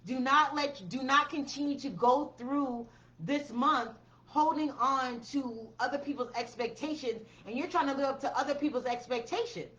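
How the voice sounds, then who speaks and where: A woman's voice: high voice, moderate pace, a bit bright, muffled recording. A woman giving a blunt, profane tarot reading, repeating her commands with emphasis. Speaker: tarot reader.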